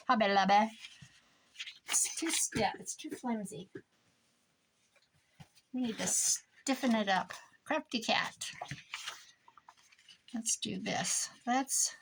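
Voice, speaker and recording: A woman's voice: a little high, fairly bright tone, slight background noise, rough recording. An older woman from Iowa, chatting casually in a rambling, storytelling way while she works on a craft project. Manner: rambling, chatty, trails off into stories. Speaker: crafting vlogger.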